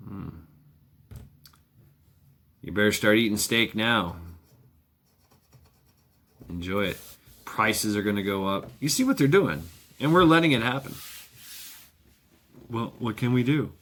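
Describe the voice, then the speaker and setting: A man's voice: fairly low pitch, measured pace, long pauses, a bit bright. A man talking in a casual, rambling monologue, sardonic and profane, chuckling often. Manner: wry. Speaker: vlogger.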